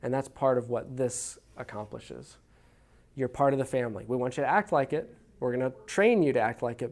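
A fairly quick talker with a mid-range, slightly mellow voice, this Texan man teaches a parenting class at church. He's earnest and folksy, restarting often in his stories during a conversational lesson.

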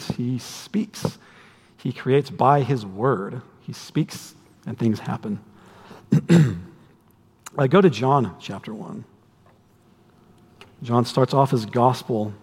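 A man preaching a sermon to a congregation, conversational and animated, with humorous asides. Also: mid-range voice, slightly rough. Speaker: pastor. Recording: long hall reverb.

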